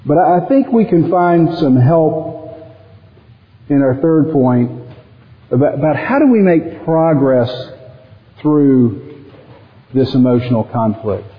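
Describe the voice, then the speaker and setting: Animated man preaching in an echoey hall. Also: measured pace, pauses often, phone-quality sound. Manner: animated, acts out quoted prayers with sudden rises in pitch. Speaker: pastor. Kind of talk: sermon.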